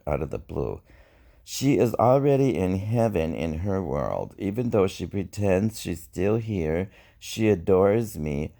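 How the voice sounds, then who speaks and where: A man reading his own spoken-word poetry in a slow, wry, reflective way. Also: sits low, creaky, dark tone. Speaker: poet.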